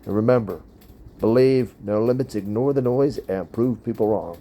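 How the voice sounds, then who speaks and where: A man's voice: fairly low pitch, moderate pace, dark tone. A middle-aged man hosting a casual vlog, rambling through a funny personal story, laughing along and talking straight to his viewers. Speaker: vlog host.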